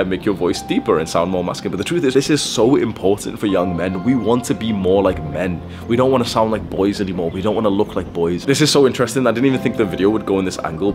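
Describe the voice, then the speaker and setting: A young man giving blunt, profane self-improvement advice in a casual, rambling monologue. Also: lowish voice. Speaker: self-improvement video host.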